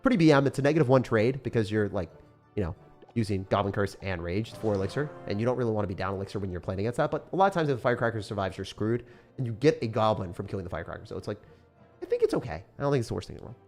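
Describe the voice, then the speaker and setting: An excitable young man rambles through casual gameplay commentary, his pitch jumping around a lot as he talks. He swears now and then, breaks into loud outbursts, and has light music playing under his voice. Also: rapid-fire. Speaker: gaming YouTuber.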